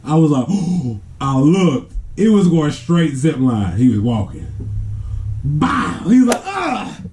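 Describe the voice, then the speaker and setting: A man vlogger telling a family story to camera in a casual, animated way, laughing often and acting out the sounds. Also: fairly high pitch, takes it slowly, noisy background.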